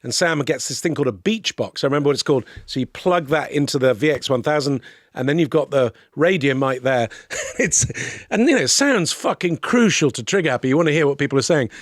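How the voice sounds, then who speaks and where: A brisk man, a podcast guest, spins animated, sweary stories in a raised, fairly high voice. The sound is dry and close, with no room echo, and he keeps piling on asides and quoted exchanges. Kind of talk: casual storytelling chat.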